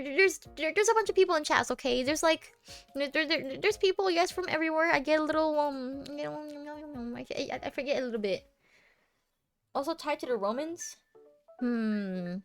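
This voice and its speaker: A young American woman streaming live, chatting casually and playfully with many restarts. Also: high voice. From United States.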